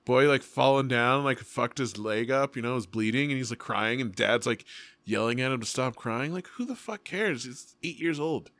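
A young man in casual chat, ranting with lots of swearing and an animated, emphatic manner. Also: medium pitch, normal speed, dry recording. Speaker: works with middle schoolers.

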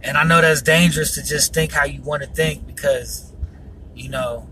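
His voice is fairly high, bright and forceful, with fairly even intonation at a normal speed, though he's far from the mic in a noisy recording. The man hosts a personal faith podcast, rambling earnestly with plenty of fillers and frequent yawns.

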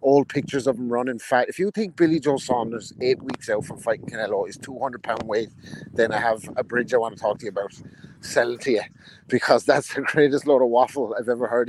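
Man, podcast co-host, blunt sweary rant, mid pitch, faint noise behind. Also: steady tone, fairly quick. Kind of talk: casual boxing chat.

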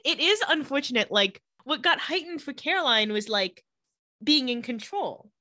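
A woman's voice: sits high, normal speed, no echo, studio quality. A woman co-hosting a podcast, recapping a TV episode in casual chat and acting out the characters' lines. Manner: lively storyteller who acts out quoted lines.

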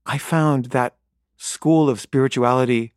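A man's voice: medium pitch, fairly even intonation, measured pace, no echo, studio quality. A man telling a wry, exasperated story in a casual monologue.

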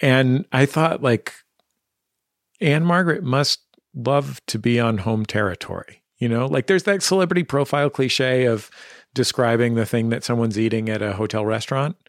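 A man's voice: mid-range voice, normal speed, no echo, studio quality. A man interviewing a guest in a curious, casual manner, peppered with fillers. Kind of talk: conversational interview.

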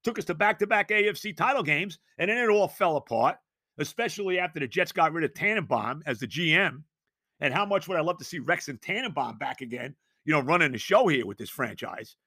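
A man with a high, bright voice rants through a sports talk monologue, exasperated and sarcastic. He fires off one rhetorical question after another. The sound is dry and close. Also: lively intonation, brisk, no echo. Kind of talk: ranting sports commentary monologue.

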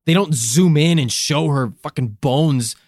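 A man's voice: a little high, measured pace, a little mellow, dry recording, studio quality. A man from the United States co-hosting a podcast in casual chat, swearing often and laughing. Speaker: podcast co-host.

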